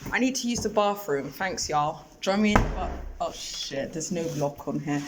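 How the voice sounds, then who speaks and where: A woman's voice: fairly low pitch, moderate pace. A young woman ranting about her own story in a rambling, emotional way, filming herself on a phone. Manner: rambling, emotional, animated storytelling with many restarts. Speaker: vlogger. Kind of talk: ranting personal monologue. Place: outdoors, then a dark public bathroom. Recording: phone video with loud background noise.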